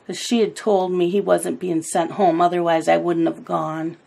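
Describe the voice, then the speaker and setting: A woman's voice: on the low side, level tone, normal speed, vocal fry, dark tone. A middle-aged woman chatting casually about her day while she colors, telling family stories in a loose, rambling way. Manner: chatty storytelling, laughs at family anecdotes. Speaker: coloring channel host.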